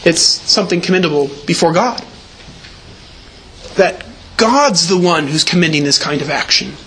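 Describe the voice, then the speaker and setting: A man's voice: on the high side, normal speed, fairly bright tone, slight background noise. A man preaching a sermon as pastor, earnest and emphatic, leaning on repeated words.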